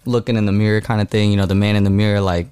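A man's voice: fairly low pitch, flat delivery, racing, a little mellow, clean tone, no room sound. A man who is a guest musician, reflecting on his songs in a casual way with many fillers. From Dallas. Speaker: guest artist. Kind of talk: casual podcast chat.

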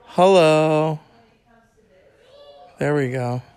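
A man's voice: on the high side, extremely slow, a little mellow, clean tone. A man hosting a podcast, rambling casually through anecdotes in a loose storytelling way. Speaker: podcast host. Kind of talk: casual monologue.

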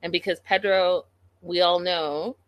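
A woman's voice: fairly low pitch, fairly even intonation, unhurried, fairly bright tone, no room sound. A woman giving a casual commentary recap of a reality show in an exasperated, incredulous way, talking straight to the people on the show.

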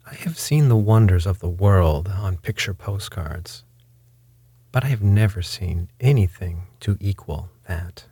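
A man reading a story aloud as its narrator, in a measured, unhurried way. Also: deep voice, lively intonation, dark tone, breathy edge, dry recording.

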